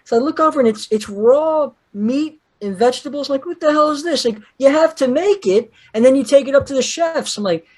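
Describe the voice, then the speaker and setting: A man's voice: extremely high pitch, brisk, hardly any pauses. A man co-hosting a podcast, telling a story in casual chat and acting out the other people in it. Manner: animated, laughing storyteller who acts out others' lines. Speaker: podcast co-host.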